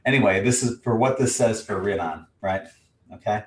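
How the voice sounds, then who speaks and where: A man in his sixties with a lowish voice reads oracle card messages aloud at an unhurried pace, with playful asides between passages. He sits back from the microphone, so the sound is distant and bounces around the room. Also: reverberant. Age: 60s. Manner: slow, deliberate reading broken by chuckles and jokey asides. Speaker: host reading oracle cards.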